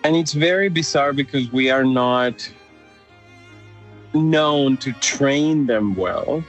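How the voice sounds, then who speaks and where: A man's voice: medium pitch, takes it slowly, soft background music. Enthusiastic man with a Mexican accent. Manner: enthusiastic, animated, lots of fillers. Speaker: opera company director. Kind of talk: interview answers.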